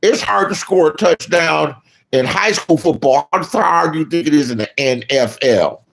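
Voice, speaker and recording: A man ranting casually as a streamer giving commentary, blunt and profane, swinging between low mutters and loud outbursts. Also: lively intonation, moderate pace, vocal fry.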